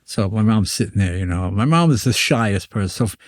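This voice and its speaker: An older man, a comedian guest on a podcast, telling show business stories and acting out voices, with quick stammering restarts. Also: lowish voice, animated, dry recording. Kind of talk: anecdotal storytelling on a podcast.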